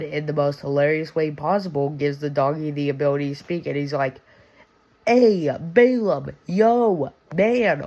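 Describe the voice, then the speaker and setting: A man's voice: a little high, a little mellow, dull audio. A man casually explaining Bible stories in a video, slangy and stumbling, correcting himself as he goes. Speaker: video creator teaching the Bible.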